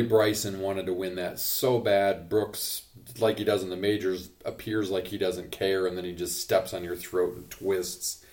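Opinionated low-voiced male podcast host. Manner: emphatic, opinionated, rising to loud points. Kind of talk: casual sports opinion talk.

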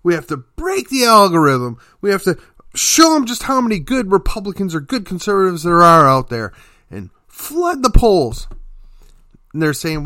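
Emphatic male host, somewhat high voice, sarcastic opinion monologue. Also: normal speed, no room sound, clean studio sound. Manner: emphatic, lively, sarcastic asides. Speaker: political commentary host.

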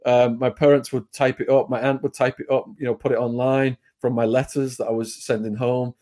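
A man's voice: mid-range voice, little pitch movement, mellow. An English man, a guest in an interview, telling a story in a vivid, conversational way. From England. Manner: vivid retelling, brisk and conversational.

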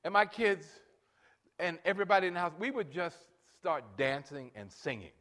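A late-sixties pastor with a voice that sits high preaches expressively at a moderate pace. Between family anecdotes he directs the band and congregation, turning loud to underline key moments.

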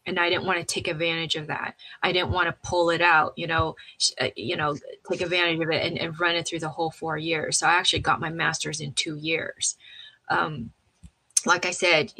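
A woman appearing as an interview guest animatedly tells a personal story, acting out the voices of the people she quotes, with frequent fillers and restarts. Her voice is deep with a breathy edge, and the recording is rough.

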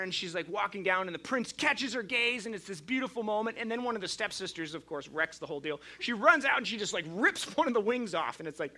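Bright-voiced, high-pitched male pastor. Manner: conversational, lively storytelling with many restarts. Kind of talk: sermon.

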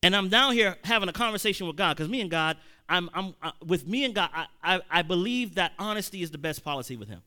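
A man in his thirties tells a personal story as a sermon, slipping from easy conversation into loud, emphatic peaks. His voice is bright and ringing, pitched a little high for a man, with frequent stammered restarts. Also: expressive, fast, few pauses. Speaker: preacher.

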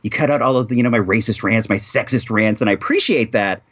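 A man co-hosting a podcast in casual chat, animated and joking, rambling through bits. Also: lowish voice, quick pace, breathy edge, lo-fi sound. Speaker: podcast co-host.

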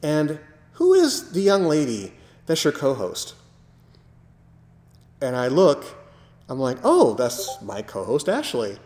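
A man's voice: fairly high pitch, takes it slowly, pauses often. Man co-hosting in an echoey room. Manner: animated storyteller, acts out quotes. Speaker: podcast co-host. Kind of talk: casual chat. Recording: echoey room with long reverb.

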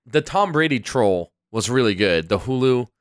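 Laid-back and rambling, full of fillers, this podcast co-host chats casually in a small home studio. He has a medium-pitched, animated voice at a moderate pace, captured as clean studio sound without room sound.

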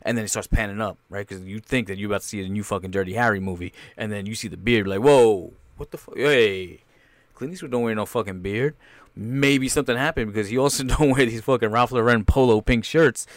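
A man's voice: fairly low pitch, a little fast, no room sound. Laughing, swearing man reacting to a trailer. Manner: loud, laughing, heavy swearing, slangy. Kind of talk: profane comedic trailer reaction.

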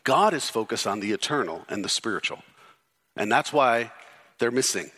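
A male pastor preaching an expository sermon, emphatic, with repeated rhetorical questions and sudden drops into low, intense delivery. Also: lively intonation, moderate pace, sharp tone.

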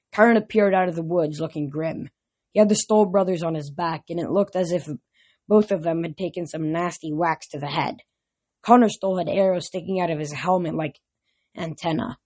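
A woman reads a novel aloud in a steady, plain manner. Her voice sits low and carries a breathy, husky edge. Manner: plain, steady reading with small restarts. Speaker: narrator.

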